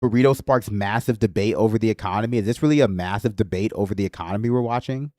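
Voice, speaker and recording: A man's voice: on the low side, quick pace, warm tone, no echo, studio quality. A man reacting to a video on a livestream, mocking and sarcastic, swearing casually. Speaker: livestream commentator reacting to a clip.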